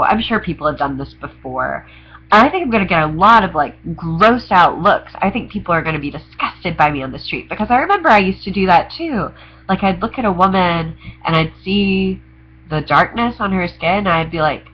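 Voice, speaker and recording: This vlogger, a young trans man, has a high, bright, forceful voice and talks animatedly at normal speed. His monologue to camera is rambling, confessional, and sarcastic, and the audio sounds dull with a little background noise.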